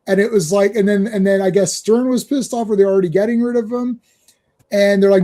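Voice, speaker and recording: A man hosting a casual comics chat, rambling and excited, laughing often as he talks. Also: sits high, fairly quick. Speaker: podcast host.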